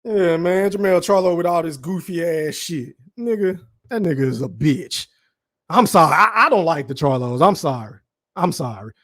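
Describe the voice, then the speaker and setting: A man's voice: a little high, lively intonation, moderate pace, a bit bright, no room sound. A man hosting a live-streamed podcast, ranting in a heated, mocking, profane way and talking straight to his viewers. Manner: talks straight to his chat audience. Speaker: podcast host. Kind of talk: live-streamed commentary rant.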